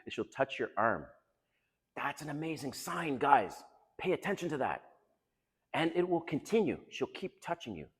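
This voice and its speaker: A man's voice: fairly high pitch, big pitch swings, moderate pace, breathy edge, long reverb tail. A man giving casual dating advice in a chatty, confiding way, laughing often. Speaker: dating coach.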